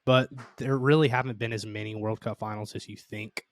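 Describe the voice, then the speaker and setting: A man co-hosting a podcast, chatting about a tournament in a measured, conversational way. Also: on the low side, fairly even intonation. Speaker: podcast co-host. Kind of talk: casual soccer analysis chat.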